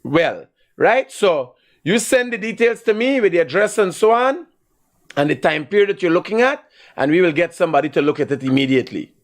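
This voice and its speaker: A man's voice: high-pitched, animated, a little fast. A middle-aged man with a Guyanese accent hosting a live call-in show, talking bluntly and growing heated as he scolds a caller. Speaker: host taking calls.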